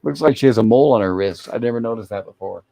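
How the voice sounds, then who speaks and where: A man's voice: mid-range voice, rapid-fire, creaky, dark tone. A man hosting a show, casually retelling an old TV episode scene by scene. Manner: acts out quoted lines while recapping, chatty. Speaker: host.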